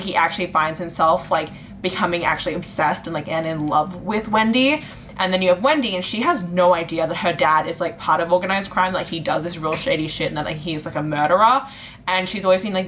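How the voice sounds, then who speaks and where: A young woman in her twenties, chatting casually to camera in a reading vlog with lots of fillers, her voice jumping high when she gets excited. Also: slight background noise. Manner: chatty and giggly, lots of likes and ums, jumps into high pitch when excited. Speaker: book vlogger.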